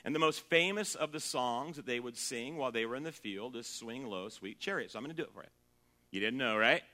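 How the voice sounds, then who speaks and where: A pastor with a mid-range voice preaches fairly quickly, joking and singing off-key snatches of a song before turning earnest. He moves between loud and quiet as he goes.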